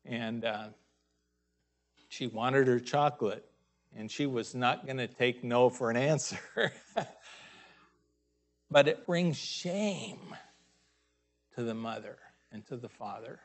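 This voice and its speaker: Man, preacher, sermon, slow delivery, mid pitch, emphatic scripture reading. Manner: unhurried, pausing often, stressing scripture loudly.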